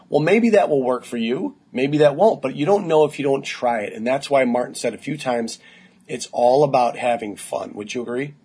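A man's voice: mid-range voice, normal speed, a little mellow, husky. A man hosting a podcast interview, upbeat and encouraging as he sums up his guest's points. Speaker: podcast host.

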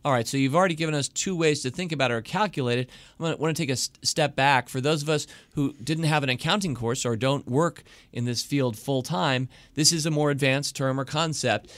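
A man's voice: mid-range voice, fairly quick, few pauses, fairly bright tone, no room sound. A man hosting a podcast, running a playful quiz with guests in a teasing, upbeat way. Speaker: podcast host. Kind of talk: casual podcast chat.

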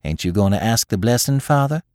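A man voicing a stern, determined older farm wife who talks slowly and firmly in plain rural speech. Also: lowish voice, expressive, a little mellow, dry recording, studio quality, pitched above the performer's own voice, natural voice. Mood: pointed.

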